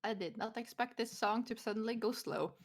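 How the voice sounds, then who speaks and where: Woman, game master, slightly high voice, hesitant, filler-heavy narration. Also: brisk.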